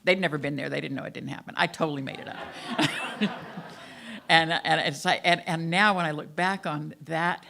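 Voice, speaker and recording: Against a noisy background, an older woman with a faded Southern accent from the American South preaches as a guest minister in a church sanctuary. Her sermon tells candid, self-deprecating stories about her own life to the congregation. Her voice sits low, steady and creaky, at normal speed.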